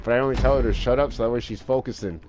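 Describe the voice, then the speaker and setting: A man's voice: mid-range voice, racing, a little mellow, soft background music. A man talking in a rambling, crude, profane casual monologue while playing a game. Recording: noisy with vehicle sounds behind.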